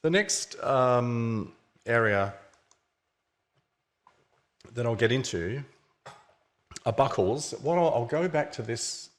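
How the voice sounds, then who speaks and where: A man's voice: mid-range voice, expressive, slow pace, long pauses. A man giving an illustrated lecture at a book launch, explaining objects on his slides in a casual, conversational way. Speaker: author presenting his book. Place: museum event venue.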